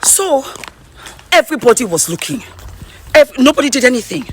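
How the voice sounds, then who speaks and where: A woman vlogger, out of breath and shaken, telling an excited story while walking outdoors, stumbling and repeating her words. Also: sits high, normal speed, a little hiss or hum.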